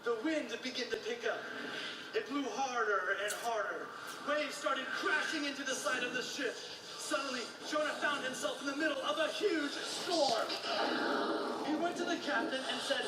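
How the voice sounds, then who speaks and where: A man telling a Bible story to children with dramatic suspense, recorded from a distance in an echoey room with noise behind. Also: moderate pace. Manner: dramatic storytelling, drops low and soft for suspense. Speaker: storyteller in a teaching video.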